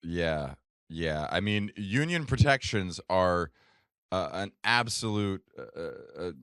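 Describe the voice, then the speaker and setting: A man co-hosting a comedy podcast in casual chat, quick and wry with a joking manner. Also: low voice, expressive, a bit bright, smooth, dry recording, studio quality.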